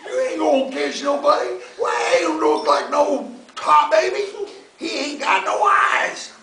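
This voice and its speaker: A man voicing a slow, doubting male bear who grumbles and scoffs in a drawl. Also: extremely high pitch, bright, forceful tone, raised voice, pitched above the performer's own voice, full character voice. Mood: scoffing. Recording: distant echoey noisy home recording.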